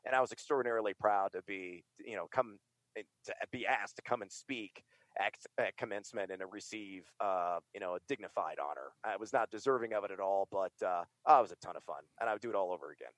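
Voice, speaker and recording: A man's voice: on the low side, fast, no room sound. A middle-aged man from the United States, a fantasy sports broadcaster and writer, talking in a casual interview with energy, emphasis and many fillers.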